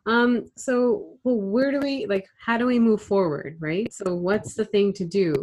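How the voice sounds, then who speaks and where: A woman's voice: medium pitch, a little slow, darkish tone. A woman from Canada hosting a podcast over a remote call, talking things through thoughtfully with many fillers and asides. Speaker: podcast host. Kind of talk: casual conversation.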